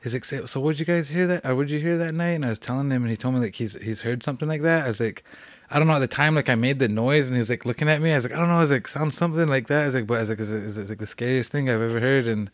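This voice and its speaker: Fast-talking man telling ghost stories. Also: mid-range voice. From Cheyenne reservation, United States. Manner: rambling, many "like" fillers and restarts. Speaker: podcast guest. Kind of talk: casual storytelling.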